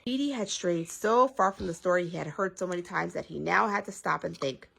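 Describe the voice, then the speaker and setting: A woman reading a bedtime story aloud with expressive, sing-song delivery. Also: lowish voice, fairly quick, gravelly, few pauses, breathy edge, low-quality recording.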